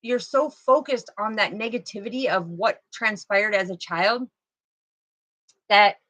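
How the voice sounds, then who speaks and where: A woman giving a live oracle card reading, talking in a slow, meandering, chatty way and addressing her viewers directly. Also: mid-range voice, fairly bright tone, low-quality recording. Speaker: spiritual card reader.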